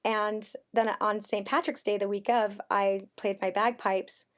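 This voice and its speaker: A woman in her forties, a podcast guest telling stories in a chatty, animated way over a remote call. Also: mid-range voice, measured pace. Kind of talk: casual conversational interview.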